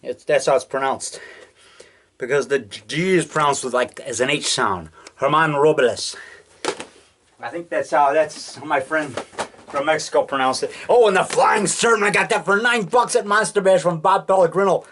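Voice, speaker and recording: A man in his sixties talks at home with a voice sitting a little high for a man. He rambles casually from item to item, leaning on "you know" and "man" as he goes. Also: normal speed, a bit bright, slight background noise. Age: 60s. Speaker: filmmaker showing his collection. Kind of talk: casual show-and-tell monologue.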